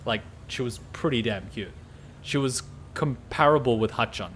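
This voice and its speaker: A man's voice: mid-range voice, moderate pace, fairly bright tone, a little hiss or hum. An Australian man streaming a game reaction, telling a rambling casual anecdote full of fillers and laughter.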